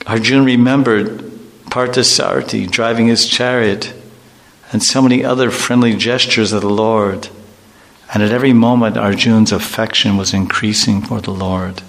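A man with a somewhat low voice narrates a devotional story. He is measured and explanatory, moving steadily through the tale. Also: fairly bright tone, in a large hall.

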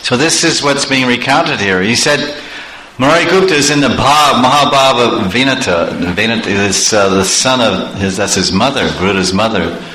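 Bright-voiced preacher telling stories. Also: male voice, medium pitch, normal speed. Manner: animated, chuckling often, conversational asides. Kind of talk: storytelling sermon. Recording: echoey room, faint background noise.

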